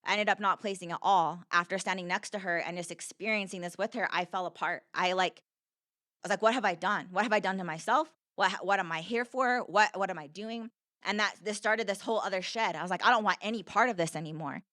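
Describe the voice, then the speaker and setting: A woman's voice: medium pitch, quick pace, pushed and bright, no room sound, studio quality. A young woman, a podcast guest, telling her story in an earnest, conversational way, repeating herself and filling with "like".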